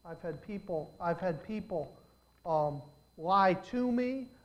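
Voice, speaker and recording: A man preaching a sermon as pastor, swelling into loud, stretched-out emphasis and then dropping back to a conversational tone. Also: sits high, animated. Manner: preaching with surges of volume and drawn-out emphasis.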